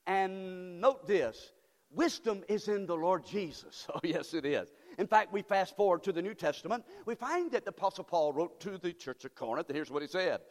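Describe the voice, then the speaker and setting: A male pastor preaching with a high, swooping voice that leaps and dips through every phrase. He drives his points home through fervent repetition and questions thrown to the congregation. The sound rings with a long reverb from a church sanctuary. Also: animated, moderate pace. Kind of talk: sermon.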